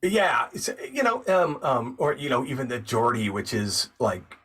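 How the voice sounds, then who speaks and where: Husky, animated man telling stories. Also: normal speed, recorded from a distance. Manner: animated storyteller, swings from low mumbling to loud excited bursts. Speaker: podcast guest, actor and narrator. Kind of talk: casual chat.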